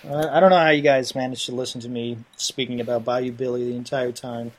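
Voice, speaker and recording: A man's voice: medium pitch, little pitch movement, fast talker. A man co-hosting a casual retro gaming podcast, joking about himself. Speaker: podcast co-host.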